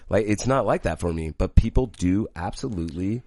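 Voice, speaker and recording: A man co-hosting a podcast in casual chat, crude and teasing, quick to joke. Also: lowish voice, no room sound, studio quality. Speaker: podcast co-host.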